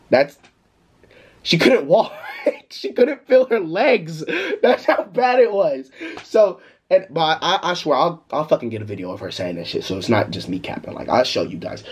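A young man tells a story to his vlog in a loose, slangy, animated way. His voice is husky and a little breathy, and it swings widely in pitch, jumping high whenever he gets worked up. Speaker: vlogger. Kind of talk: casual storytime.

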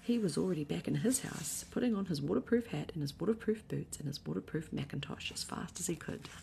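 A woman reading a bedtime story aloud in a soft, slow, whispery ASMR voice. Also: low voice, animated, creaky, a little hiss or hum.

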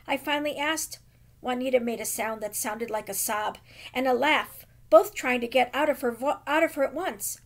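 A woman teacher reading a children's novel aloud with expressive, dramatic emphasis. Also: a little high, moderate pace, creaky.

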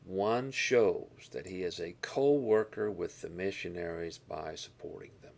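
Guy teaching a bible lesson, gravelly low voice, stresses words as he explains. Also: darkish tone, a little hiss or hum. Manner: deliberate, explaining Greek words, stresses key words.

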